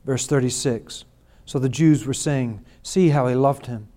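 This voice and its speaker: A man preaching a sermon, reading scripture and swinging from hushed, slow lines to loud, drawn-out emphatic ones. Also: medium pitch. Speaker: pastor.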